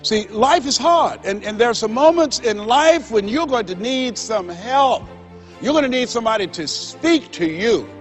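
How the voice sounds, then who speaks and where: A man giving a motivational speech, telling stories and swinging between loud exhortation and hushed, confessional moments. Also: very high-pitched, expressive, moderate pace, muffled recording, faint music behind. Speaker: motivational speaker.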